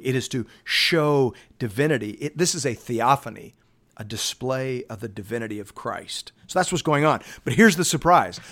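Man preaching an animated sermon. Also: mid-range voice. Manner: animated preaching, rising to emphatic peaks. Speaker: pastor.

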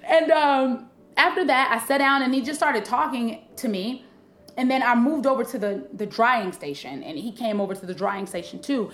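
Animated woman comedian. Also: a little high, moderate pace, reverberant, a little hiss or hum. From Illinois. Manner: animated storytelling, profane. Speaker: comedian guest. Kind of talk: casual podcast chat.

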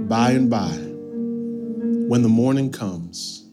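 A man preaching a sermon as pastor, animated, swinging from loud bursts to hushed lines. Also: medium pitch, takes it slowly, long pauses, over music.

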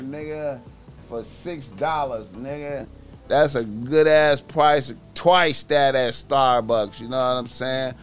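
A man talking casually on his solo podcast, profane and boastful, naming himself in the third person. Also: mid-range voice.

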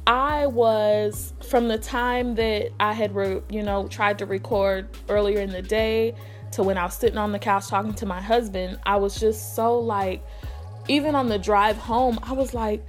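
A woman's voice: steady tone, normal speed. Earnest woman talking faith, music behind. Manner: earnest, acts out pleading prayers in a higher voice. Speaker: faith podcast host. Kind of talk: casual devotional talk.

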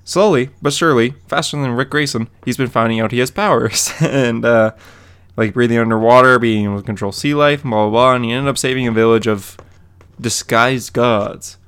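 A man's voice: medium pitch, brisk, a bit bright, clean tone. A man co-hosting a podcast, recapping a comic issue in a rambling, casual way with lots of fillers and quoted dialogue. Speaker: podcast co-host.

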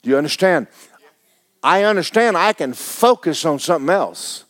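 A man preaching a sermon in a folksy, playful way, his pitch swinging widely and bursting into shouted praise. His voice sits a little high for a man. The sound is close and dry, with almost no room echo. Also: expressive, moderate pace. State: injured foot, sitting while preaching. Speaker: pastor.

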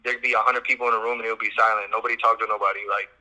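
A man from Chicago tells his story in a loose, rambling way, packing it with fillers and curses. His voice comes through very bright and sharp. It sounds like a tinny phone line. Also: fairly low pitch, level tone, racing. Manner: loose, laid-back, heavy on fillers and swearing. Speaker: musician guest. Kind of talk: casual storytelling interview.

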